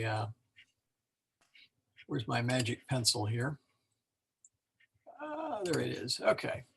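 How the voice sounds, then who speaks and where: A man's voice: mid-range voice, creaky, a bit bright. A man teaching an online Latin pronunciation class, rambling and correcting himself as he goes, with small chuckles at his own slips.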